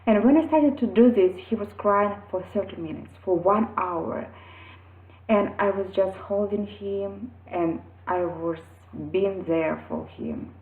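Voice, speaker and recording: A woman speaking earnestly about her own parenting, in a halting way with pauses and restarts. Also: mid-range voice. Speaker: mother sharing parenting experience. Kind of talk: earnest personal talk to camera. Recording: tinny phone-like sound in an echoey room.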